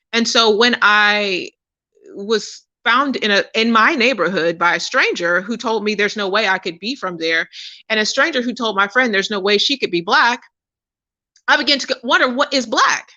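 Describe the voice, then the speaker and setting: A woman's voice: mid-range voice, animated, normal speed, pushed and bright, no room sound. A woman from Pittsburgh, a podcast host, telling stories in a loose conversational way, full of fillers and asides. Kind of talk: casual storytelling. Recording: dry, dull lo-fi.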